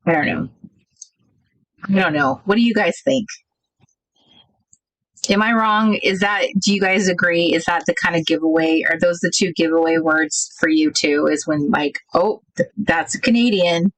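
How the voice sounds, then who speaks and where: A woman hosting a casual craft livestream, thinking out loud and chatting with viewers about their comments. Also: fairly low pitch, normal speed, no echo, rough recording. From United States.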